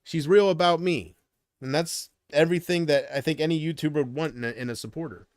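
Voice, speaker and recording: A man on a livestream talks straight to his chat in a loose, rambling rant full of swearing and restarts. His voice sits a bit high for a man. The sound is dry and close, with no room around it. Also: brisk, a little mellow, no echo. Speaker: livestream host.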